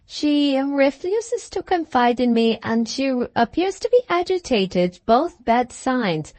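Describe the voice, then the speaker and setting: Woman doing a French manservant, French accent, conspiratorial, high voice, dry close sound. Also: very animated, slow, no room sound, full character voice. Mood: confiding. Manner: conspiratorial, hushed confidences. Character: French manservant, man, secretive and fussy.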